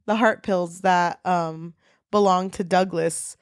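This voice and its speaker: A woman's voice: lowish voice, steady tone, slow pace, smooth, no room sound, studio quality. A woman co-hosting a casual book podcast, candid and profane, dramatically quoting characters as she recaps the plot. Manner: loose and candid, swears freely, quotes characters dramatically. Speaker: podcast co-host. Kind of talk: casual book discussion chat.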